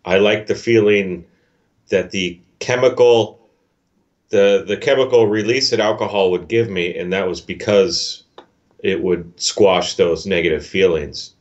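A man's voice: low voice, unhurried, highs cut off. A man who is a guest in a casual conversation, speaking hesitantly with many restarts.

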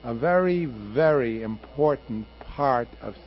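A man's voice: medium pitch, expressive, slow pace. Passionate older man reminiscing about radio. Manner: emphatic, passionate storyteller. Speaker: radio producer and director, guest. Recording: muffled archival radio interview with faint hiss.

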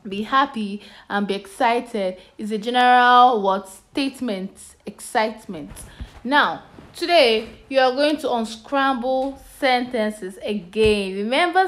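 A woman with a Nigerian English accent teaches young children at a slow, steady pace. Her voice sits fairly high. She keeps asking "what?" and then gives the answer herself. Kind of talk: children's phonics and punctuation lesson.

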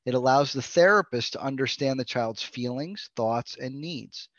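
A man's voice: medium pitch, normal speed, fairly bright tone, no echo. A man teaching play therapy in an online training session, earnest, checking in with his listeners by often asking "right?" and "okay?". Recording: dull, dry video-call audio.

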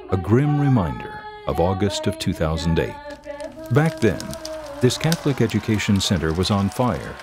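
A man reading scripted documentary narration in a measured, even delivery. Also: on the low side.

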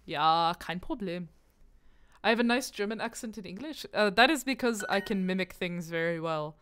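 A woman streamer chatting casually to her live audience, excitable and quick to swear, with sudden loud outbursts, sounding out foreign phrases as she practices them. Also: medium pitch, slight background noise. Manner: repeats foreign phrases aloud while practicing.

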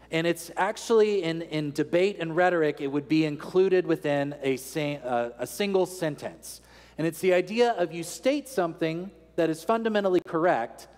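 A man's voice: on the high side, darkish tone. A man preaching a sermon in an earnest teaching tone, asking rhetorical questions. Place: large church sanctuary. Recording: long church reverb.

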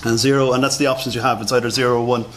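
A man's voice: mid-range voice, little pitch movement, racing. A man with a noticeable accent giving a conference lecture, chatty and self-deprecating, with many fillers. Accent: non-standard English accent. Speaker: conference speaker.

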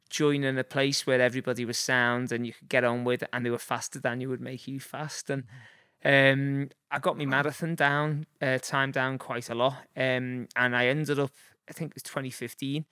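A man's voice: mid-range voice, bright, forceful tone, clear, resonant tone, dry recording, studio quality. A man in his forties with a Liverpool accent, telling rambling anecdotes as a guest, full of fillers and chuckles. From Liverpool, England. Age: 40s. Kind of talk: casual storytelling.

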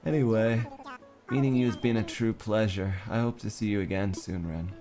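A man's voice: fairly low pitch, fairly even intonation, dark tone, soft background music, lightly acted. A man doing a sleepy, drowsy gardener. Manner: slow drowsy reading of game dialogue. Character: sleepy easygoing male sloth gardener.

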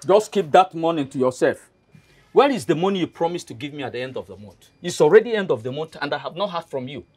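An actor playing a pushy landlord with a Nigerian accent, scolding and nagging about rent in a film drama. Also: male voice, a little high, lively intonation, fast, husky. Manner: loud, nagging, scornful. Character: pushy middle-aged landlord, scolding and leering.

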